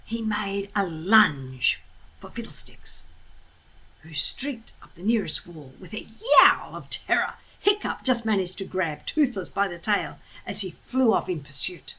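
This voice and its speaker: A woman reading a children's novel aloud in a slow, expressive, deliberate way. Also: medium pitch, breathy edge, low-quality recording. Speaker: storyteller reading a children's book. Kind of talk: storybook read-aloud.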